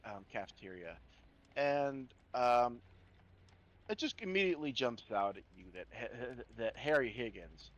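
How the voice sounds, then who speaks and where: A man's voice: mid-range voice, lively intonation, unhurried, muffled recording. A man running a tabletop horror game as game master, often stalling on fillers and restarting sentences. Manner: hesitant, many fillers and restarts.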